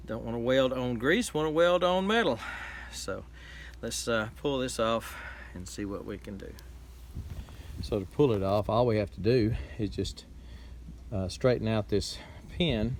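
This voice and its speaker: A man from Texas hosting a casual repair video outdoors on a farm, talking in a plainspoken, halting way with many fillers. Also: medium pitch, slight background noise. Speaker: farm channel host.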